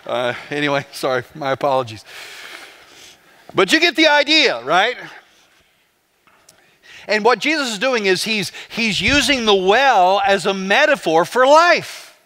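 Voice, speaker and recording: A man's voice: sits high, sing-song, measured pace, long pauses, sharp tone. A man, a pastor, preaching a conversational sermon with rhetorical questions to the congregation.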